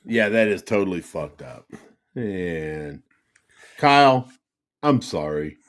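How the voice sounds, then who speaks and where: A man's voice: deep voice, big pitch swings, takes it slowly. A man co-hosting a casual podcast, swearing freely and often cracking up laughing. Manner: profane, breaks into helpless laughter. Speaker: podcast co-host.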